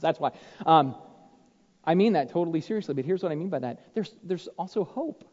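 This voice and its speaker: A man preaching a sermon to fathers, stressing points loudly and then dropping to hushed asides. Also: a little high, quick pace. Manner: emphatic, swings between loud stress and hushed asides. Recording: echoey hall, dull sound.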